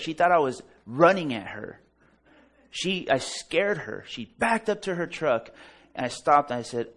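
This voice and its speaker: A preacher telling an animated, self-deprecating story during a church service. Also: male voice, medium pitch, a little slow. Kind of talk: storytelling sermon.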